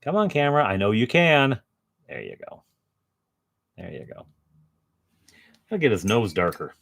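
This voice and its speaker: A man's voice: on the low side, big pitch swings, measured pace, gravelly, a bit bright. A man chatting casually to his viewers while painting at home, joking about himself and chuckling often. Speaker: painting vlogger.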